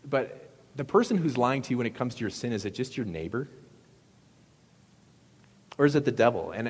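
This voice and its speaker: A man's voice: medium pitch, slightly rough. A man pastor preaching a sermon in a conversational storytelling way and asking the audience questions. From Wisconsin, US. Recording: echoey hall.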